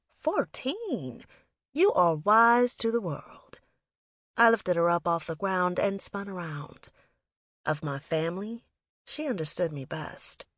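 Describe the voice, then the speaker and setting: Reflective and a little wistful, this audiobook reading has a woman narrating a first-person story in a voice on the low side. It's a clean studio recording with no room sound.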